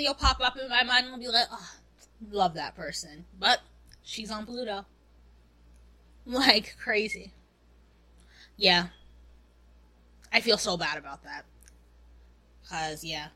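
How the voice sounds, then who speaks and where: A woman's voice: a little high, pushed and bright, rough recording. A young woman co-hosting a podcast, talking candidly in a rambling, casual way and swearing freely. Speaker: podcast co-host. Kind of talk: casual chat.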